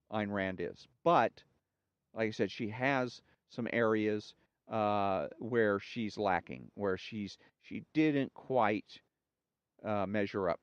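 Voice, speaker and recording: Halting man reading jokes. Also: on the low side, dry recording, highs cut off. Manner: halting, many fillers and restarts. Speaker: monologue host reading jokes. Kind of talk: casual rambling monologue and joke reading.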